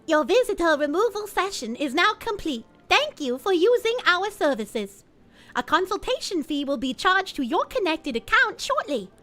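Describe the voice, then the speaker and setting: A woman puts on a chirpy corporate service agent, politely reading out a script. The voice is very high and bounces in a sing-song way over faint music. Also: very animated, normal speed, bright, forceful tone, exaggerated voice. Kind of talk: game character voicing.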